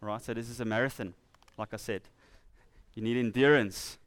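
A man with a South African accent preaching a sermon in church, earnest and conversational, slowing down to read scripture with emphasis. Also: mid-range voice, steady tone, no room sound. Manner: earnest, with laughing asides and slow emphatic scripture reading.

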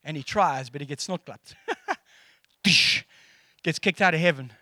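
Middle-aged South African man, bright and high for a man, close dry sound, preaches a casual sermon with jokes and acted-out quotes. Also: unhurried, dry recording. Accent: South African English. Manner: animated and jokey, acting out quotes.

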